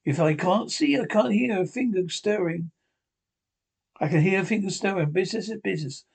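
A man voicing a sinister blind old beggar who whines in a sing-song and then threatens coldly, with a gravelly, husky voice. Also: high-pitched, normal speed, exaggerated voice. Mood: cold menacing.

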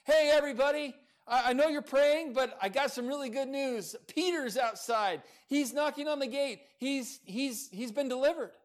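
A man voicing an excited young servant woman, breathless and eager as she bursts in with news. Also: very high-pitched, moderate pace, few pauses, pitched above the performer's own voice.

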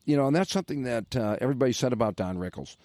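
A man's voice: medium pitch, animated, very fast, darkish tone, dry recording. An older man and former radio host, telling rambling stories in casual podcast chat with many fillers.

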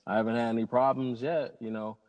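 A man's voice: medium pitch, fairly even intonation, fast talker, a little mellow, lo-fi sound. A man, a pilot telling stories in a casual interview in an upbeat, rambling way. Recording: long hall reverb.

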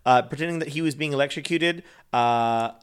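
A man's voice: a little high, brisk, clear, resonant tone. A man co-hosting a casual chat, retelling a story in a giggly, rambling way. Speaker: podcast co-host.

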